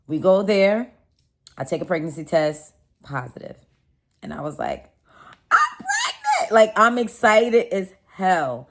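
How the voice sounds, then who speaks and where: Chatty low-voiced woman telling a story. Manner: chatty, addresses viewers as y'all, animated retelling. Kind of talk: casual storytime.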